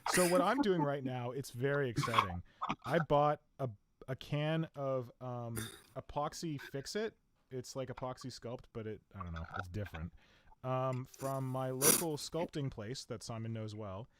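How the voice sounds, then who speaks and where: Brief: joking male stream host, mid-pitched, with noisy call audio. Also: lively intonation, unhurried. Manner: joking, chatty. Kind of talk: casual online hobby chat.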